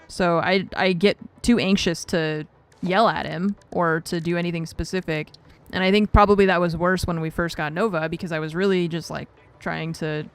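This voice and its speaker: A woman's voice: on the low side, clear, resonant tone. A woman streaming a game, chatting casually and self-mockingly with viewers and her cat, laughing often. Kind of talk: casual live-stream chat while gaming.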